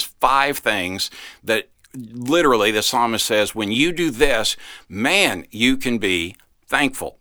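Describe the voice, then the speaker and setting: A man speaking as a pastor, giving an earnest podcast devotional that rises into loud exhortation. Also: medium pitch, animated, slow pace, dry recording.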